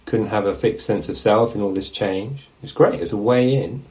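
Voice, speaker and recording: Low-ish guy teaching meditation, chatty laid-back dharma talk, keeps asking yeah?. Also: normal speed. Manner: relaxed and conversational, often checking in with "yeah?".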